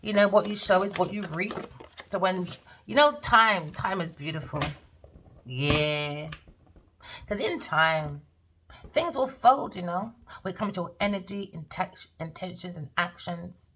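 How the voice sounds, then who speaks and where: A woman's voice: on the low side, a little slow, fairly bright tone, a little hiss or hum. A woman giving a tarot reading as a profane, scornful rant, swinging into mocking sing-song taunts. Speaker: tarot reader.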